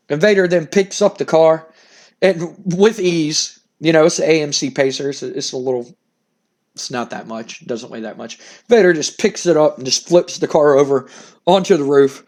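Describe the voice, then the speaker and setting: A man's voice: fairly high pitch, normal speed, darkish tone. A man casually narrating a wrestling simulation game, rambling, cursing and chuckling as he goes. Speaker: game streamer.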